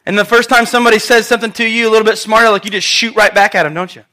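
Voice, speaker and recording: Bright high-voiced male preacher. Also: very fast. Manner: animated storytelling with questions to the congregation. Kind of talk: sermon.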